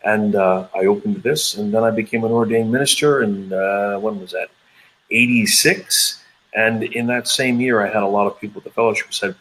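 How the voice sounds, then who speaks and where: A man's voice: on the low side, fairly even intonation, brisk, a bit bright, low-quality recording. A man in his fifties, a channeler being interviewed, telling his story in a rambling way with many hesitations and quoted dialogue. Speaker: intuitive channeler, interview guest.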